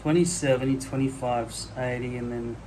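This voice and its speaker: Speaking loosely and frankly to his camera, this vlogger drifts between thoughts and lets a curse slip now and then. His middle-pitched voice has a darkish tone and fairly even intonation, and he talks fairly quickly. There's slight background noise.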